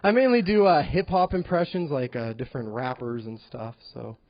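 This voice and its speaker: A man's voice: mid-range voice, normal speed, dry recording. A young man doing a stand-up set in a comedy club, awkward and giggly, with many ums. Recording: dull lo-fi live recording.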